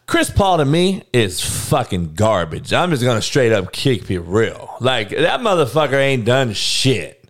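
A man's voice: mid-range voice, sing-song, unhurried. A man ranting bluntly and profanely in casual talk, laughing between heated points.

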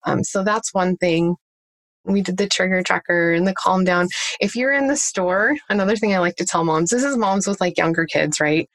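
Dry, lower-voiced woman coaching parents. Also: steady tone, a little fast, no room sound. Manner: practical, explains step by step with examples. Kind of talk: conversational interview answers.

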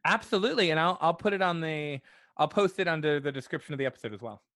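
Chatty male podcast host with a higher, bright voice and a dry close sound; casual, full of restarts. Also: quick pace, no room sound. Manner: chatty, stammering restarts, laughs often. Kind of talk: casual interview chat.

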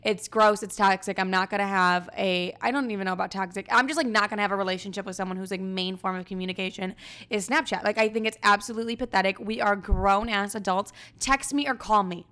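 A woman's voice: medium pitch, fairly even intonation, fast, fairly bright tone, clean tone. A young adult woman hosting a casual solo podcast, rambling through blunt, profane opinions. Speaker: podcast host.

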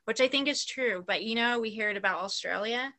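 Bright-voiced chatty woman. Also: fairly high pitch, brisk, poor audio. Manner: chatty, hesitant, lots of likes. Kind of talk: casual chat.

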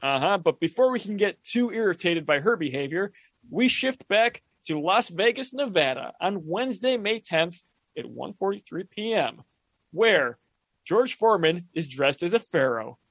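A man's voice: sits high, lively intonation, normal speed, a bit bright, dry recording. A man co-hosting a podcast, recapping a movie plot with wry, joking commentary. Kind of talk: casual comedic movie commentary.

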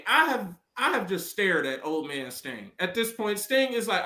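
A man co-hosting a wrestling podcast, telling stories in animated, profane casual chat and acting out quotes loudly. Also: sits high, unhurried, few pauses, reverberant. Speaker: podcast co-host.

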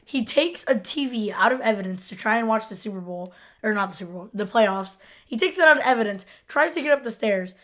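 A woman's voice: mid-range voice, lively intonation, a little fast, a bit bright. A woman co-hosting a podcast, laid-back and teasing, who laughs easily while recapping an episode. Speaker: podcast co-host. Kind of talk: casual episode recap chat.

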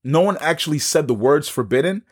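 A man's voice: a little high, lively intonation, a little fast, slightly rough. A man with a New York accent telling his own story in a casual podcast conversation, acting out the dialogue and repeating words as he goes.

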